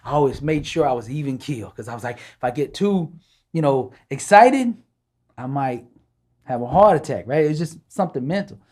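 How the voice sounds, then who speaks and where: A man telling a personal story as a podcast guest, animated and casual, acting out dialogue and often checking in with "right?". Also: mid-range voice, moderate pace. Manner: animated, acts out dialogue, tags lines with "right?"; casual speech with "ain't" and "gonna".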